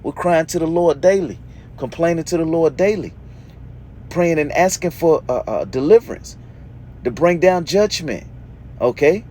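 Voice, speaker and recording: With a fairly high pitch, lively intonation and a dark tone, a preacher speaks at normal speed over slight background noise. He reads verses aloud and explains them emphatically, checking in with "okay?" after almost every point.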